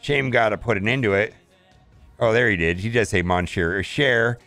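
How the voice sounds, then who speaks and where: A man's voice: lowish voice, fairly quick, bright, forceful tone, dry recording, faint music behind. A man casually commenting on a mobile game as he plays, thinking aloud and often saying "all right".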